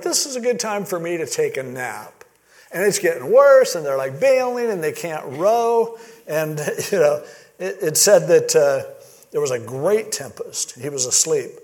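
A man preaching in a relaxed, chatty way, slipping into animated voices whenever he quotes someone. His voice sits a little higher than most men's. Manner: conversational, animated retelling with acted-out quotes. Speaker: pastor. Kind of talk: sermon.

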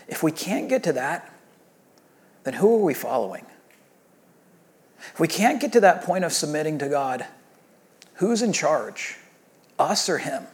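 A pastor in his thirties delivers a sermon in a relaxed, conversational way. His voice sits on the higher side for a man. He moves between animated storytelling and quiet, hushed reflection. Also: normal speed.

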